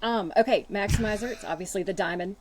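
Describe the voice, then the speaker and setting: A Texan woman with an easy twang, chatting as a podcast guest with bubbly enthusiasm. Her voice sits at a middling pitch. A faint hiss of background noise runs under her voice. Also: quick pace, rough recording. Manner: bubbly, enthusiastic, drawling at times. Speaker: podcast guest, strengths coach. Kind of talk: casual chat.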